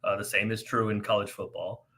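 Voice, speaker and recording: A man co-hosting a casual sports podcast, blunt and quick to push back. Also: on the low side, flat delivery, sharp tone. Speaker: podcast co-host. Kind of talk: casual chat.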